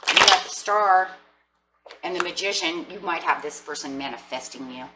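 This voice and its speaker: A woman's voice: on the low side, normal speed, bright, forceful tone, far from the mic. A middle-aged woman giving a casual tarot reading in a playful, sassy, chatty way. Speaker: tarot reader.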